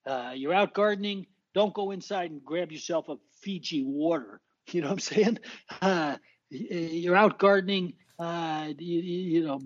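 A man's voice: on the high side, no echo. A man from Alaska, a garden columnist, talking in a rambling, emphatic way and repeating his points as a podcast guest. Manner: rambling, emphatic, repeats phrases, laughs at own jokes. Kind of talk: casual podcast interview. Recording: dull lo-fi audio.

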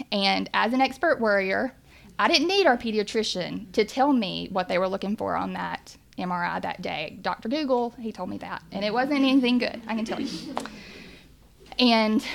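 A woman's voice: medium pitch, gravelly. A woman, earnestly telling her family's faith testimony. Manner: earnest, emotional, faith-filled. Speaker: mother sharing a testimony. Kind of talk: personal testimony storytelling.

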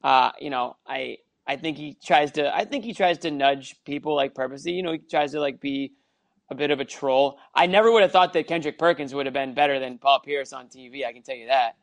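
A man co-hosting a casual sports podcast, giving measured, opinionated takes. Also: mid-range voice. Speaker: podcast co-host.

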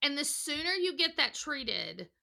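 Woman, middle-aged, high pitch, very bright and forceful tone, animated storyteller, podcast guest. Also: unhurried, creaky. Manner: energetic, animated storytelling with acted voices. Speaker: counselor and guest. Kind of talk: podcast interview.

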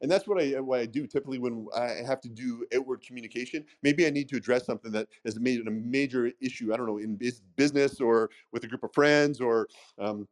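A man rattling along fast as a business-owner guest, talking loosely and checking in with "right?" as he goes. His voice sits at a middle pitch. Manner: rambling, conversational, frequent "right?" tags. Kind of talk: casual panel discussion.

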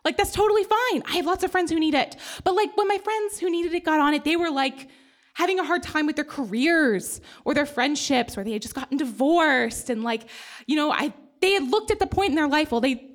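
A woman's voice: sits high, fairly bright tone. A woman telling a candid, self-mocking personal story live, with laughing asides.

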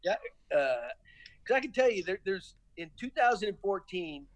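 A middle-aged man with a gentle Southern accent, a former baseball manager telling stories as a podcast guest, rambling with lots of restarts and "you know.". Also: high voice, sing-song, moderate pace, no room sound, poor audio. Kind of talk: casual interview talk.

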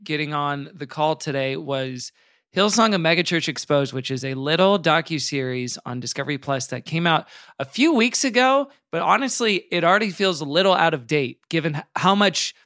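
A man's voice: on the high side, lively intonation, moderate pace, bright, forceful tone, no echo. A man co-hosting a podcast, introducing the topic with dry, wry asides. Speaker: podcast co-host. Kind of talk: casual podcast chat.

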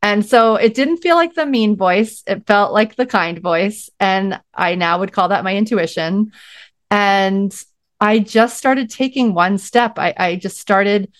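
A woman's voice: mid-range voice, a little slow, no echo, clean studio sound. Chatty woman telling her story. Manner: chatty, many "like"s, acts out her own quotes. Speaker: podcast guest. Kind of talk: casual storytelling conversation.

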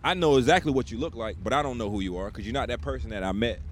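A man's voice: medium pitch, very fast, background noise. A man co-hosting a podcast in casual chat, telling stories in a laid-back way with a lot of swearing. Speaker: podcast co-host.

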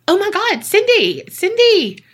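A woman putting on a frantic man shrieking high and loud, shrill and panicked, his voice pushed way up past where it sits, bright and sharp as he yells in a storytelling podcast. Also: wildly swooping pitch, a little slow, full character voice. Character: panicked man yelling at his possessed passenger.

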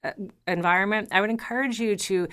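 A woman's voice: medium pitch, fast talker, a bit bright, clean tone. A woman in her fifties hosting a conversational interview podcast, talking in an enthusiastic, chatty way with many fillers and restarts. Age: 50s. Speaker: podcast host.

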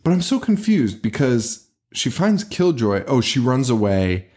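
A man's voice: medium pitch, big pitch swings, a little slow, darkish tone. A man co-hosting a horror podcast, recapping a movie in casual chat, laughing often and swearing in disbelief. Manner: profane, laughing, incredulous. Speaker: podcast co-host.

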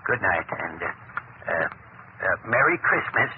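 Gruff old businessman, halting, low voice, tinny hissy old radio. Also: big pitch swings, heavily acted. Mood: hesitant. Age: older. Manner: halting, hesitant. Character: gruff old male businessman, stiffly remorseful. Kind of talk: 1930s radio drama acting.

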